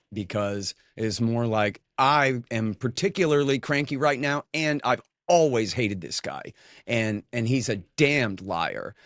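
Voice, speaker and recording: A man's voice: on the low side, no room sound, studio quality. A man as an interview guest talking in a blunt, rambling, cranky way, full of fillers and restarts, tired from little sleep. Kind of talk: casual conversation.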